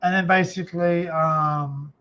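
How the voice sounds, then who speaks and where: A man with an Australian accent telling an emotional personal story on a live stream, halting, with many fillers and restarts. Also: a little high, fairly even intonation, bright, forceful tone, smooth. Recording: dull lo-fi sound.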